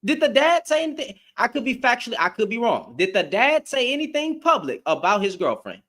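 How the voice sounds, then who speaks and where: A man's voice: very high-pitched, sing-song, brisk, sharp tone. A man giving a blunt, profane opinion rant to camera, firing off rhetorical questions as a commentary vlogger.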